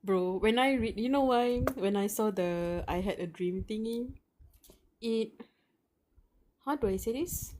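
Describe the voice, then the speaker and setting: A woman's voice: medium pitch, a little slow, pauses often, darkish tone, slight background noise. A young woman reads a story aloud for her stream, taking her time over each line. She sounds nervous and emotionally wound up, sighing and laughing between passages and tossing out casual slang. Her breathing sits right up close to the microphone. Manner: slangy, calls viewers bro and dude. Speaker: live-stream reader. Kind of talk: live reading of a web novel with reactions. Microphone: close mic, audible breathing.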